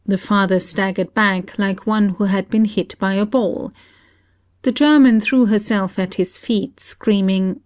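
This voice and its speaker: A woman as audiobook narrator, reading a classic story in a steady, measured way. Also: medium pitch.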